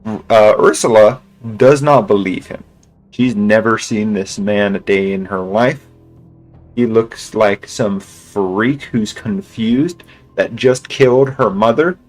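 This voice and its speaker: A man's voice: lowish voice, slow, darkish tone, faint music behind, low-quality recording. A male streamer casually retelling a story in a rambling way, full of restarts and filler words. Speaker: game streamer.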